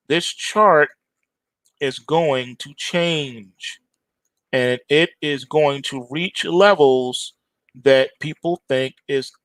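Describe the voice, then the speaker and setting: A man's voice: fairly high pitch, a bit bright, dry recording. A middle-aged man hosting a trading show, giving emphatic, repetitive chart commentary straight to his viewers. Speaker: trading analyst host.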